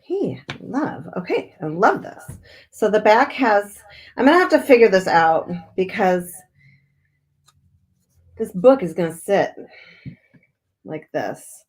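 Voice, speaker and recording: A middle-aged woman hosting a live craft stream, chatting brightly, laughing often and reading out viewer comments as she works. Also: medium pitch, very animated, slow, long pauses, husky. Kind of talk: casual live-stream chat while crafting.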